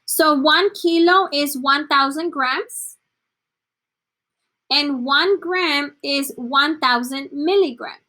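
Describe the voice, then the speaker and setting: Slow, bright-voiced woman teaching a class. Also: high voice. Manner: encouraging, praising students by name; slips between English and Spanish. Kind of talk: online class lesson.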